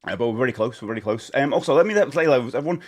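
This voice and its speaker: A man's voice: mid-range voice, expressive, rapid-fire. A man chatting casually on a live game stream, jokey and talkative as he greets his chat by name. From England.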